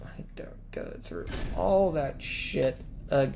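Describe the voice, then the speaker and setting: Low-voiced woman ranting at a game. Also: slow, creaky, in a whisper. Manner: swearing, ranting, rising angry outbursts. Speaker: streamer playing a video game. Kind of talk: casual gameplay commentary.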